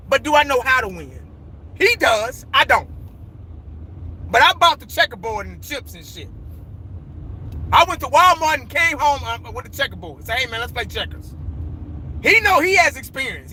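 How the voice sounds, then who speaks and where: A man's voice: very high voice, sharp tone, slight background noise, rough recording. A man, a sports fan, giving a casual, profane rant in street slang.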